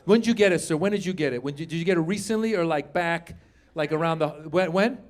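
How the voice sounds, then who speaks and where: A man in his fifties performing stand-up comedy, chatting with the crowd and shouting his punchlines. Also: on the high side, fast. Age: 50s. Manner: animated, shouts punchlines, acts out voices.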